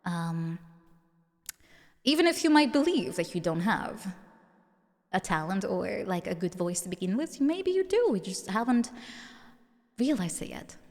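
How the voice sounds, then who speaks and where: A woman's voice: medium pitch, very animated, a little slow, long pauses, darkish tone, in a large hall. A woman streamer with a mature-sounding voice, chatting casually with viewers and giggling often.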